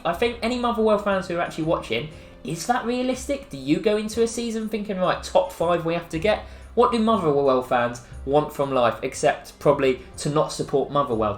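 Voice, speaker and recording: An English man giving chatty, self-mocking commentary over a football video game, recorded in an echoey room with faint music behind. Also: on the high side. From England. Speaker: gaming YouTuber. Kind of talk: casual gameplay commentary.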